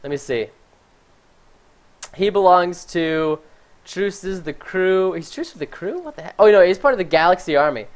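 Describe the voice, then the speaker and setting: A man giving chatty, excitable live commentary while playing a game, talking to his viewers and easily startled. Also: sits high, normal speed, pauses often. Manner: talks to chat and viewers. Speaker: gaming livestreamer.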